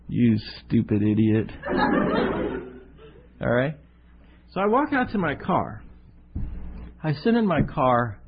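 A man preaching a sermon as an animated, self-mocking storyteller who acts out the voices in his story. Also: mid-range voice, highs cut off, slight background noise.

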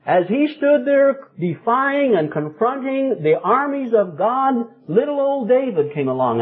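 A man in his fifties preaching a sermon, telling a story and rising to loud, emphatic peaks. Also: very high voice, big pitch swings, measured pace, few pauses, breathy edge. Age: 50s. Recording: tinny phone-like sound.

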